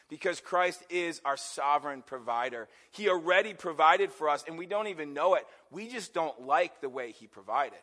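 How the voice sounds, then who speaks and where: A man's voice: fairly high pitch, fairly bright tone. A middle-aged man preaching a sermon, his voice sitting a little above the usual male range. He talks to his congregation in a loose, conversational way and often stops to ask them questions. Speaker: pastor.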